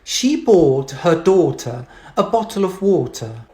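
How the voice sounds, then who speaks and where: Woman, exasperated pronunciation coach, swooping pitch. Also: sing-song, slow pace, dark tone. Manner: exasperated, correcting. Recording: roomy echo.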